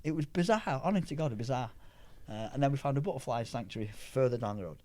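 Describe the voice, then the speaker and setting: A middle-aged man, a powerlifter guest telling rambling, animated anecdotes in casual chat. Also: mid-range voice, fast talker. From England.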